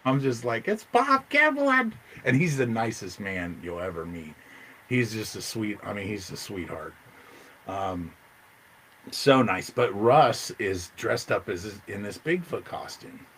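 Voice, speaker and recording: A man telling a long story in casual chat, rambling and excitable, jumping into loud high voices when he quotes himself. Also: unhurried, husky, poor audio.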